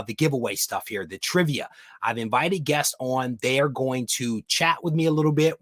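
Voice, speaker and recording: A man's voice: medium pitch, no echo, studio quality. A man hosting a casual comic book livestream, chatting with viewers, reading their comments aloud and calling them brother. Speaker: host of a live comic book show.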